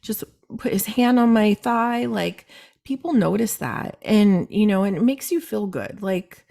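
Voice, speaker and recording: Chatty woman with a gravelly edge. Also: mid-range voice, unhurried. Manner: chatty, animated storytelling with laughs. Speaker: host. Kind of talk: casual chat.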